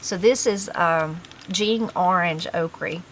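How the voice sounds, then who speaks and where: Casual host: a middle-aged Appalachian woman with a lowish voice, rambling and folksy, faint clicks behind. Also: takes it slowly, background noise. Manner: rambling, folksy storytelling with fillers. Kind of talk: casual chat.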